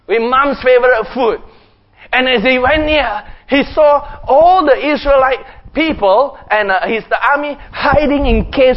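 A man preacher with a very high voice delivers his sermon as lively storytelling, adding sound effects and chuckling as he goes. The recording is muffled and lo-fi.

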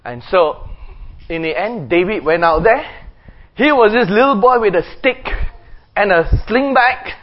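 A man preacher giving a sermon, telling the story in an animated way with sound effects and chuckles. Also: high-pitched, measured pace, dull audio.

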